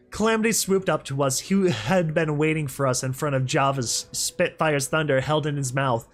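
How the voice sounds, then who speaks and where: A young man reading a story aloud and breaking off for excitable, laughing commentary. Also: on the high side, normal speed, few pauses, faint music behind. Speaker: reader and commentator.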